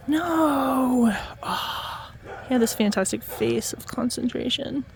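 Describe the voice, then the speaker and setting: A woman's voice: sits high, takes it slowly, gravelly, slight background noise. A woman vlogging outdoors, talking fondly to her dogs in a casual, cooing way and calling out to them. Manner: affectionate, cooing, calls loudly to dogs. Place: outdoors in nature.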